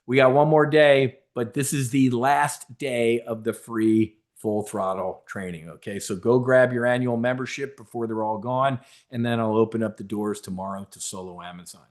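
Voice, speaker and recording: A man's voice: mid-range voice, normal speed, hardly any pauses. A man hosting a live webinar, talking casually in a rambling, emphatic, preacher-like way. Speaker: webinar host.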